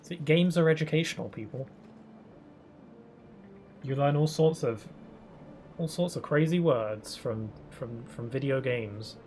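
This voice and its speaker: A man's voice: medium pitch, a little slow, long pauses, darkish tone, a little hiss or hum. A British man who streams games, chatting casually with his viewers in a rambling way, restarting his sentences often. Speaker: game streamer. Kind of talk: casual live-stream chat while gaming.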